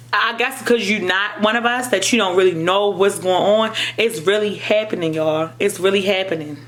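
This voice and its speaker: A young woman with an African American English accent speaks straight to her viewers in an impassioned vlog. She is emphatic and repeats her points, with a voice of ordinary pitch that climbs sharply when she presses a point. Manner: emphatic, repetitive, rising to near-shouting. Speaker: vlogger. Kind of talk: impassioned personal commentary.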